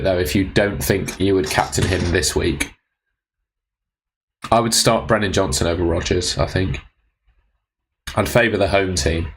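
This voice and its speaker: A man's voice: on the low side, a little hiss or hum. A young man casually answering viewers' fantasy football questions on a live stream, laid-back and teasing.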